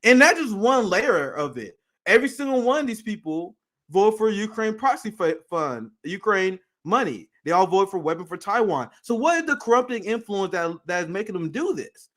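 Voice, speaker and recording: A man's voice: sits high, very animated, normal speed, a bit bright. A man co-hosting a political talk show, speaking bluntly and profanely, often laughing and stammering through restarts. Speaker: political podcast co-host.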